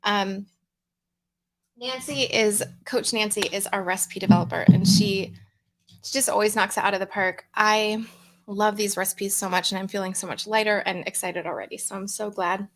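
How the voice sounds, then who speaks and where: A woman hosting a live coaching challenge, greeting viewers by name in a relaxed, upbeat casual chat. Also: mid-range voice, moderate pace. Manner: relaxed, chewing mints between words. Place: home room with a fan, livestream.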